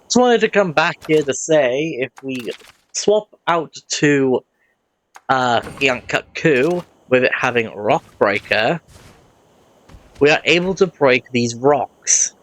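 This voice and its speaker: Brief: male gamer, loose chatty playthrough commentary, self-correcting, average pitch. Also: lively intonation, slow, fairly bright tone. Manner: rambling, often corrects himself mid-sentence. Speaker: let's play host. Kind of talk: casual gameplay commentary.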